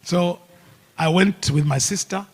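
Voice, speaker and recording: A man preaching a testimony in halting, emotional bursts, with a husky, gravelly voice. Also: sits high. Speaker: apostle preaching. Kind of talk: sermon testimony. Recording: long reverb of a church hall.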